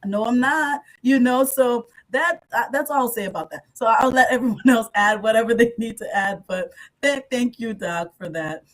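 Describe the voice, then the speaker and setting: A woman's voice: on the high side, normal speed, low-quality recording. A woman who is a psychologist, candidly telling a personal story on a podcast and acting out what others said. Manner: candid, animated when quoting others. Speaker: podcast guest speaker, psychologist.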